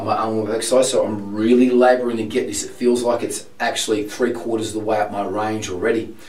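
Hoarse sick male singing teacher. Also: fairly low pitch, roomy sound, recorded from a distance, rough recording. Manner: frank, explanatory, with many filler ums. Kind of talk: vocal lesson demonstration.

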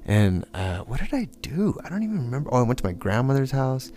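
This Californian man speaks fast at a medium pitch, his warm voice swinging widely up and down. His personal story is casual, rambling and profane, packed with fillers, and he voices the quotes in a raised, mocking way.

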